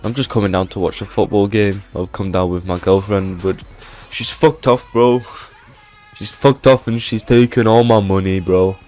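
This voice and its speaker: A man voicing a jittery, overexcited stranger who is loud and slangy and calls everyone bro. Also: deep voice, flat delivery, fairly quick, hardly any pauses, faint music behind, natural voice. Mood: rowdy.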